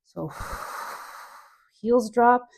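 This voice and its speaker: A woman leading a dance workout class, cueing moves slowly between sighs and laughs, a bit out of breath. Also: on the high side, vocal fry, a little mellow. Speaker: dance instructor.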